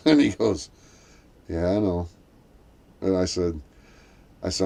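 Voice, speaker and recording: A man's voice: lively intonation, slow pace, gravelly, dark tone. A man in casual chat, telling a rambling story with many restarts and acting out quoted voices. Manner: acts out quoted voices in a raised pitch.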